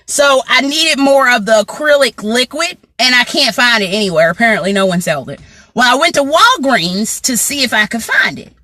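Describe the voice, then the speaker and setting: A woman vlogger telling a story to her viewers in a casual, slangy, animated way. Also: a little high, moderate pace, dry recording. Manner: animated, slangy, talks straight to the audience.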